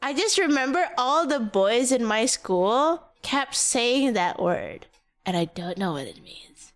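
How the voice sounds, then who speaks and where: A woman streaming a game and chatting casually, expressive and exclamatory, laughing often. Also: a little high, takes it slowly. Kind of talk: casual livestream commentary. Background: game music.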